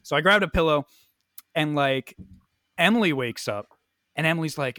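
A young man in casual chat, telling a profane, animated story full of fillers like "like" and "uh". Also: on the high side, quick pace, dry recording.

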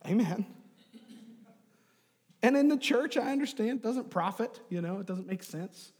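A man preaching a sermon, telling a story and moving between quiet, hushed asides and loud, emphatic bursts. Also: very high voice, animated, normal speed. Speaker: pastor. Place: church sanctuary. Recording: long reverb of a large hall.

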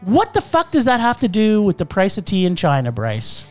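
A woman's voice: medium pitch, huge pitch swings, normal speed, soft background music. A woman hosting a casual film-review chat, ranting with exasperation and swearing. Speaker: podcast host reviewing films.

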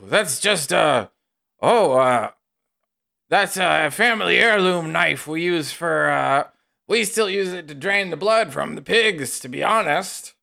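A man's voice: a little high, vocal fry, bright, forceful tone, voice pushed up, heavily acted. A man voicing a nervous, folksy old male villager who stammers through cheerful excuses.

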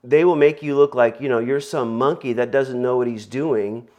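A man's voice: medium pitch, moderate pace, darkish tone. A man preaching a conversational sermon in a rambling way, full of fillers, asides and jokes. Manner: rambling, filler-heavy, joking.

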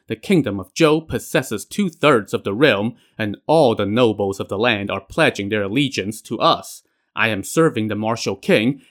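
A man's voice: lowish voice, natural voice. A man voicing an earnest, dutiful older male sage serving as prime minister, firm when refusing.

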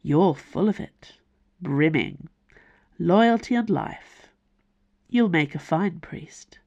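A woman reading aloud, voicing a dark, possessive male god who is also a black raven, in a low, slow, menacing tone. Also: expressive, vocal fry, dull audio, full character voice.

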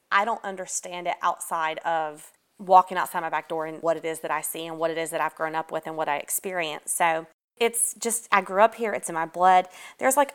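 A woman from Atlanta, chatting as an author guest in a casual interview, animated and quick to laugh. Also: mid-range voice, smooth. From Atlanta, Georgia. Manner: animated, laughs often, restarts words.

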